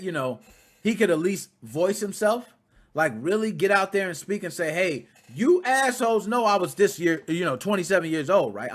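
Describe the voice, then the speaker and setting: A male podcast host in his thirties with a high voice that swings widely in pitch. He talks in a loose, unscripted way, dropping to quiet asides and then climbing into loud, excited outbursts, with plenty of swearing. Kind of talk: casual commentary podcast.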